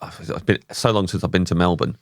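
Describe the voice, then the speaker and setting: Man, deep voice, fast talker, gravelly, dry close sound, casual podcast host. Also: dry recording.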